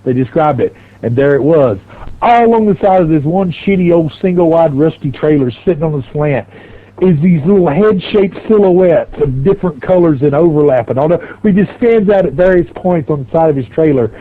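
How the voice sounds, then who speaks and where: A man's voice: on the high side, lively intonation, brisk, narrow, tinny audio. A middle-aged man telling a long, profane, rambling story on a game stream.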